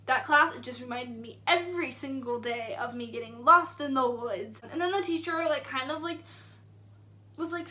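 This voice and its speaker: A woman's voice: high-pitched, lively intonation, a little fast, bright, forceful tone. A young woman telling a story to camera in a chatty, indignant way, full of "like" fillers. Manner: indignant retelling. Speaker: vlogger. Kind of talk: casual storytime.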